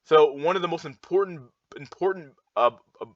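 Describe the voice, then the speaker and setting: Reacting to charts, a young man goes on a rambling, heated rant, restarting often and leaning on fillers while repeating himself. His voice sits a little high and moves at a moderate pace. The dull, lo-fi recording is dry, with no echo.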